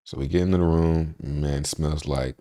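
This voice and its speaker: Deep-voiced man telling a story casually. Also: moderate pace. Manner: profane, laughs through his story, relaxed. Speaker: podcast host.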